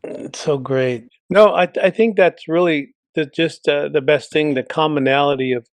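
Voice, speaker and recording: A man's voice: on the high side, normal speed, no echo. Reflective man, dry close sound. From Lakota homeland, United States. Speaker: guest speaker. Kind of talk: casual conversation.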